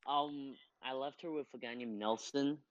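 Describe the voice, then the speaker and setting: A man's voice: mid-range voice, fairly even intonation, moderate pace, lo-fi sound, crowd noise. A teenage boy co-hosting a podcast, trading goofy, self-deprecating banter with his friends. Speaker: podcast co-host. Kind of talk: casual chat.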